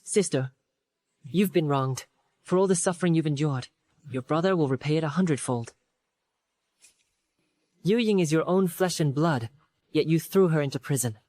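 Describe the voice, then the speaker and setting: A man voicing a fierce young general who forcefully defends his wronged sister in a dubbed period drama. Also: a little high, normal speed, long pauses, dry recording, natural voice. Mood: indignant. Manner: forceful, indignant. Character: fierce, protective young general and elder brother.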